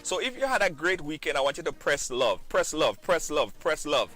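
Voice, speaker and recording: A male live-stream host, bright and lively, bouncing between high exclamations and lower asides. He repeats phrases and gives sing-song shout-outs to viewers. Soft music plays behind his dry, close voice. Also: moderate pace. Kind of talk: live-stream talk show.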